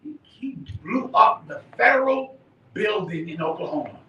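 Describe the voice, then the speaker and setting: High-voiced preacher, emphatic, in an echoey room. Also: male voice, expressive, moderate pace, distant mic, lo-fi sound, slight background noise. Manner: emphatic, swings from quiet to shouting, laughs and swears. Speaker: class leader. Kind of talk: fiery live preaching to a class. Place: live meeting room.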